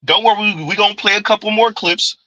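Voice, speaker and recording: A man's voice: high-pitched, quick pace, sharp tone, dry recording, muffled recording. A man hosting a commentary show, reacting to clips with emphatic, repetitive phrasing. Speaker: commentary channel host.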